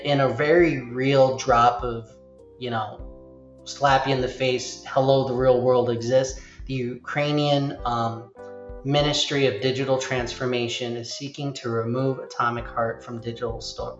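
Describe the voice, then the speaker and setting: A man's voice: mid-range voice, a little slow. A man talks through a game in a loose, rambling way, dropping into little acted quotes. His voice sits in an ordinary middle register. It is recorded in a roomy space with a slightly dull sound and faint music underneath. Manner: rambling, animated, acts out quotes. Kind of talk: casual chat.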